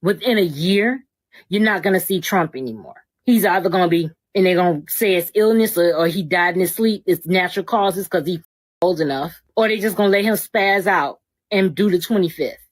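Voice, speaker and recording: A woman with a lowish voice delivers a bitter, cutting rant and swears as she goes. The sound is close and dry, with no room echo. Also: normal speed. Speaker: social media poster. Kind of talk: angry vlog rant.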